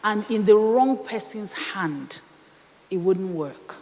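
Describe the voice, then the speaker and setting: Animated Nigerian woman preaching in a hall. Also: medium pitch, takes it slowly. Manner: animated, dramatic, with rhetorical questions. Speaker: speaker. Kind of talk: sermon-style storytelling. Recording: reverberant hall.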